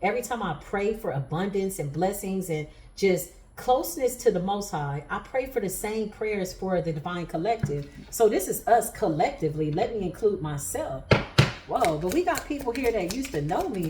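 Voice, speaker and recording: A woman's voice: mid-range voice, animated, normal speed, echoey room, very noisy. Sassy, laughing woman reading tarot. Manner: chatty, laughs often, sassy asides to viewers. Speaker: tarot reader. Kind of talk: casual livestream tarot reading.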